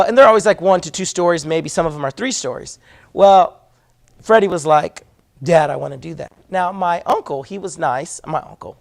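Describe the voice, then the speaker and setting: A man, teaching a Sunday school class in a church classroom. He talks in a conversational, storytelling way and asks the class questions. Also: fairly high pitch. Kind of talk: conversational Bible lesson.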